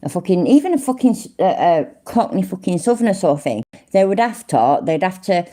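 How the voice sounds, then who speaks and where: A woman's voice: lowish voice, sing-song, fairly quick, mellow. A woman with a Leicester accent chatting casually on a live stream, rambling and swearing freely with frequent laughs. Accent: Leicester English.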